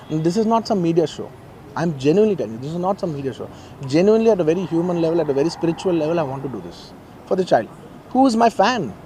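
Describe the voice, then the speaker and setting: A man's voice: on the high side, mellow, a little hiss or hum, poor audio. A man in his forties with a Telugu-influenced Indian English accent, making an earnest, insistent statement to the press outdoors. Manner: earnest, repetitive, pleading insistence. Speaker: actor addressing the press. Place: outdoors in a garden.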